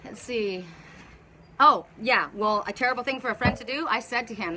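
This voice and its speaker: A woman's voice: on the high side, brisk, bright, forceful tone, slight background noise. A woman spiritual teacher talking casually on a live video, telling a story in a rambling way with many restarts. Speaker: spiritual teacher and oracle reader.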